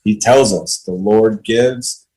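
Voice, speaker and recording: Husky-voiced man telling his faith story. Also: fairly low pitch, slow pace, mellow, rough recording. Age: 30s. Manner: earnest and plain-spoken. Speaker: podcast guest. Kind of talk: testimony in casual conversation.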